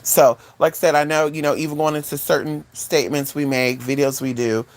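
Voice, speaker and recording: A woman vlogger telling a casual story to her viewers, animated, with asides to the audience. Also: fairly quick. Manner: animated, swoops high for quoted voices, chatty asides to viewers.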